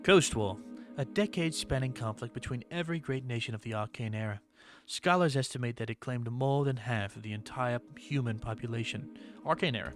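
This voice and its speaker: A man playing a game demo who reads its narration aloud and breaks off into quick, dramatic reactions. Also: medium pitch, soft background music. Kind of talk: let's-play commentary, reading game text aloud.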